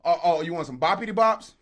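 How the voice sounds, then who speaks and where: A man's voice: high voice, very noisy. A man making beats on a livestream, chatting casually and joking with viewers in the chat. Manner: animated, joking, talks straight to the chat. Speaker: beat producer streaming live.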